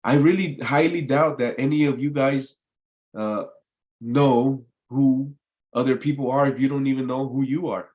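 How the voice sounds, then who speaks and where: A man talks at an ordinary middle pitch, hosting his own live online show. He rambles loosely, stumbles over and repeats words, and drops casual swearing as he goes. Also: steady tone, normal speed, darkish tone. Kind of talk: casual live-stream monologue.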